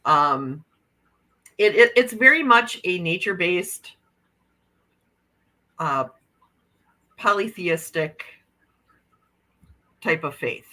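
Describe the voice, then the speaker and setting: A woman's voice: on the low side, expressive, slow, pauses often, pushed and bright. A woman with an Upper Midwest American accent, a guest chatting casually and restarting often on a video call. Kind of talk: casual chat.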